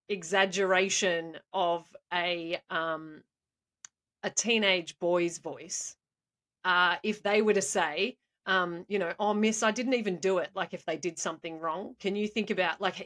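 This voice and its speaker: A young woman, a schoolteacher and podcast co-host, telling animated stories in casual chat and laughing often. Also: lowish voice.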